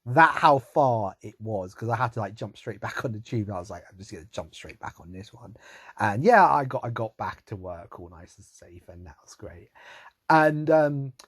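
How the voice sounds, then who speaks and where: A man's voice: fairly low pitch, moderate pace, slightly rough, dry recording, studio quality. Rambling, laughing young Englishman. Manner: rambling, animated, laughs often, trails off quietly. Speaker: vlogger. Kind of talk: casual storytelling to camera.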